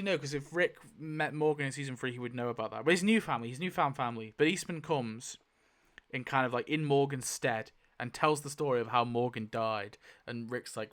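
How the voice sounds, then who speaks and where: A man's voice: mid-range voice, fairly bright tone. A man hosting a casual video, thinking aloud as he goes, swearing freely and laughing often. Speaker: YouTube host. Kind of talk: casual commentary while spinning a wheel.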